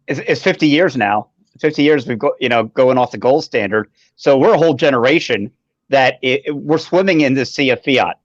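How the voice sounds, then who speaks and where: A man's voice: medium pitch, brisk, dry recording. A man co-hosts a casual podcast, doubling words as he gets going. His remote mic sounds dull and lo-fi. The sound is dry, with no room around it. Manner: repeats words when starting sentences. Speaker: podcast co-host.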